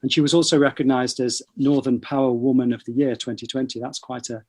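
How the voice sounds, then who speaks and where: A middle-aged man hosts a relaxed science podcast, introducing his guests in a conversational way. His voice sits in an ordinary middle pitch, and he slips teasing asides into the formal introductions. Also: brisk. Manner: chatty, light teasing asides. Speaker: podcast host, professor of neurology. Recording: online broadcast discussion.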